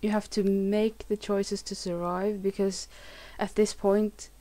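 A woman's voice: medium pitch, flat delivery, slow pace, warm tone. A woman hosting a let's play, giving emotional game commentary with swearing and lots of restarts.

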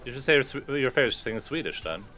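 A man from Scandinavia teasing and laughing in a casual stream chat, very expressive. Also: mid-range voice, racing, soft background music. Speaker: guest streamer.

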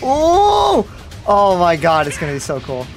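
A YouTube gaming host reacting live to a game trailer, gasping and repeating excited exclamations nonstop. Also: mid-range voice, brisk, faint music behind.

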